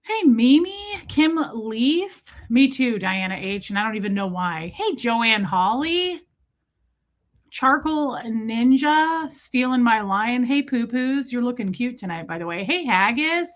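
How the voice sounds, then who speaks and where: Woman host, casual livestream chat, fairly high voice, quick greetings to viewers, slightly breathless. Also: animated. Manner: chatty, greets viewers by name in quick bursts. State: warm and a bit breathless. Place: small room with door shut.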